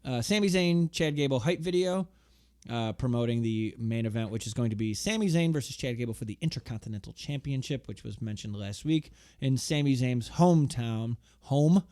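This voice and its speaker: Easygoing male co-host, mid-range voice, deadpan asides. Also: medium pitch, fairly quick, clean tone, no room sound. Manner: easygoing, agreeable, dry jokey asides. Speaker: podcast co-host. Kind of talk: casual podcast chat about wrestling.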